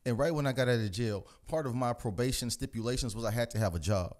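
Man delivering a profane street-style rant. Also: quick pace. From United States. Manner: animated and profane, mimics people in higher voices. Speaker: host of a commentary channel.

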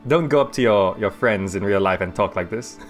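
A man casually commenting as he plays a city-building game, chatty and quick to laugh, recorded on a desk microphone at home. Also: lowish voice, faint music behind. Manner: chatty, laughs often, talks through his thoughts aloud. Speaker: gaming YouTuber. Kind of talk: casual let's-play commentary.

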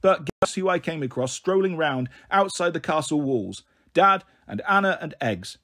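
A man reading a novel aloud in an expressive storybook style, giving voice to the characters' dialogue. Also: on the high side, normal speed. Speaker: audiobook reader.

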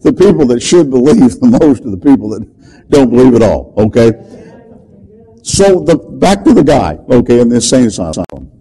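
An older man preaching, telling a story dramatically and shouting the commands he quotes. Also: medium pitch, big pitch swings, normal speed, vocal fry, breathy edge, low-quality recording. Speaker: deliverance preacher. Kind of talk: storytelling sermon.

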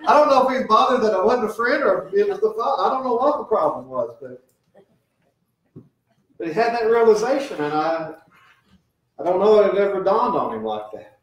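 A man's voice: high voice, normal speed, pauses often. Man preaching in an echoey church. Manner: earnest, conversational preaching with lively swings and quoted voices. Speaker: pastor. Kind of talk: sermon. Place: church sanctuary. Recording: echoey church, mic from a distance.

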